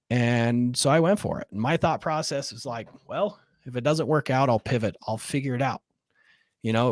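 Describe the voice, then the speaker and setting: A man's voice: mid-range voice, no room sound, clean studio sound. A man, a real estate investor and coach, telling his story earnestly and candidly in a podcast interview, openly emotional.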